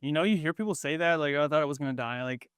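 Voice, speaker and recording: A young adult man hosting a podcast, chatting casually in a relaxed way with halting fillers. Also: on the high side, smooth, no echo, clean studio sound. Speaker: podcast host.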